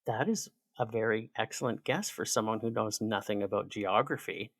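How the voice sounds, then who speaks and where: A man, a podcast guest chatting casually in a sarcastic, joking, animated way. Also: on the low side, moderate pace, gravelly, no room sound. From Canada. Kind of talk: casual chat.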